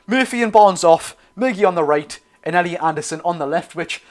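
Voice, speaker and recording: A young man with a Geordie accent talks viewers through a live match in a loose, chatty way, often correcting himself and calling out to the lads. His voice sits a little above the usual male pitch. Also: a little fast. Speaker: football watchalong host. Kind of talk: live match commentary and chat.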